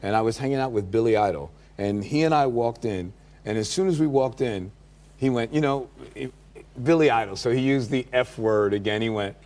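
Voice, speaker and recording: Interview guest, American man, mid-pitched, chatty storyteller. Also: fairly quick. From United States. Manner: lively anecdotal storytelling, laughing easily. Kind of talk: casual interview anecdote.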